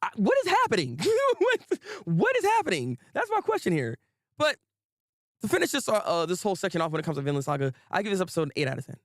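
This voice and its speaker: A young man with a fairly high voice runs a relaxed anime review stream, animated and quick to laugh as he chats with his viewers. The sound is dry and close, with no room around it. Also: no room sound. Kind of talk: casual livestream commentary.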